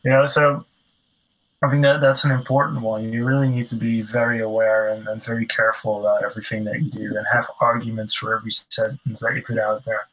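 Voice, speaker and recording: A man's voice: fairly low pitch, little pitch movement, a little fast, fairly bright tone, low-quality recording. A man in a casual podcast discussion, explaining at length with many fillers and restarts. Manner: loose, filler-heavy explaining.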